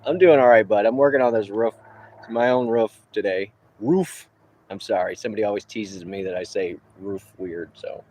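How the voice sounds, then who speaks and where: A man in his fifties with a low voice talks on an outdoor livestream from a roof during a work break. He rambles in an easygoing way and drops chuckling asides as he answers his viewers. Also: steady tone, brisk, darkish tone. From New Orleans. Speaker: livestreamer and roofer. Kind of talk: casual livestream chat.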